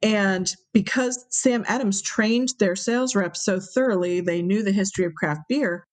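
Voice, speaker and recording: A woman telling a story as an interview guest, animated and acting out the people she quotes. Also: mid-range voice, moderate pace. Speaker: interview guest, brewery owner.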